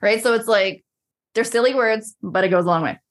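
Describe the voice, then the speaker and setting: A woman's voice: a little high, fairly quick. A woman in a casual podcast chat, talking as a coach, chatty and full of "like", acting out her own inner voice.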